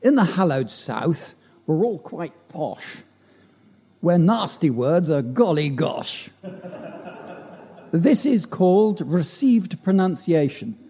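A man's voice: a little high, sing-song, takes it slowly, dark tone, breathy edge. A man at a church gathering, reciting a humorous rhyming poem with chatty, self-deprecating asides between verses. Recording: dull lo-fi recording.

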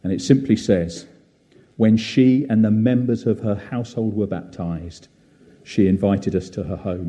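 A man preaching a gentle, reflective sermon at a church service, with frequent fillers and pauses. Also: fairly low pitch, fairly even intonation.

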